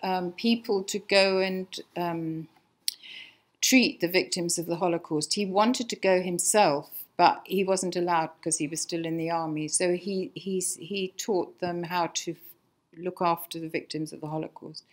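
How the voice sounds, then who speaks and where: A woman's voice: fairly low pitch, steady tone, measured pace. An older English woman giving a chatty, anecdotal lecture to an audience, with many fillers and restarts. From England. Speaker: lecturer, designer's daughter. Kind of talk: illustrated public talk. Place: archive lecture room before an audience.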